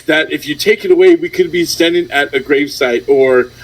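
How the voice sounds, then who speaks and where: A slightly high-voiced man searching for words. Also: a little fast, poor audio. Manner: searching for words, repeating himself. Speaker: video editor guest. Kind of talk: casual chat.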